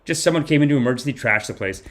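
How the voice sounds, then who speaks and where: A man hosting a live comedy podcast, spinning a rambling, animated story. His voice sits at a middling pitch, and he swears freely and acts out the people he talks about. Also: racing. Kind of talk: rambling comic monologue on a live stream.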